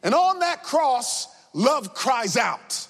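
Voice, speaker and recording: A man with a breathy, husky tone delivers a sermon at a slow, deliberate pace. He rises into sung cadences and shouted refrains. His voice rings with the long reverb of a large hall. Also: very high-pitched, sing-song. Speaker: preacher.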